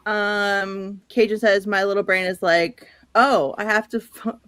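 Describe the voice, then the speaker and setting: A woman's voice: medium pitch, steady tone, unhurried, fairly bright tone, clear, resonant tone, no room sound. A woman from the Midwest hosting a casual book livestream, chatty and laughing often as she reads out viewer comments. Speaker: host.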